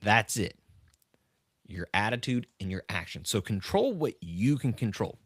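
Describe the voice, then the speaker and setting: A man's voice: lowish voice, expressive, measured pace, husky, dry recording, clean studio sound. A middle-aged man who coaches leaders, hosting a live-stream podcast. He speaks earnestly and emphatically, tells stories, and repeats his key points. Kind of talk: live-stream talk with storytelling.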